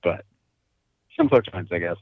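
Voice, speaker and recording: A man's voice: deep voice, huge pitch swings, measured pace, gravelly, no echo. A laid-back man co-hosting a casual podcast chat. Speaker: podcast co-host. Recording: tinny phone-like audio, dry.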